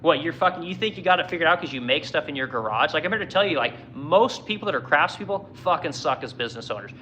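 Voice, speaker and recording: Man, furniture shop owner, angry profane rant, raised pitch, hard tense edge. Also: animated, quick pace, sharp tone, lo-fi sound, a little hiss or hum. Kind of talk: ranting monologue. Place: furniture workshop in Missouri.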